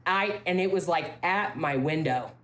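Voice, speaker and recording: A woman from a ranch telling ghost stories in casual talk, emphatic, with halting restarts and key phrases repeated. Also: sits low, slight background noise. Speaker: ranch staff member interviewed about ghost stories. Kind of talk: casual spoken storytelling.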